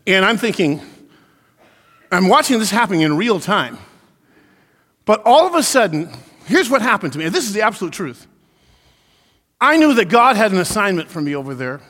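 A male pastor delivers an animated sermon, sliding into acted-out voices for the people he quotes. His voice sits high for a man. A long hall reverb trails behind every phrase. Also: normal speed, pauses often.

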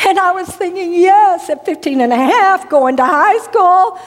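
A woman preacher giving an emotive sermon with personal testimony, her storytelling often dropping into hushed tones. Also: extremely high pitch, lively intonation, measured pace. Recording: long hall reverb.

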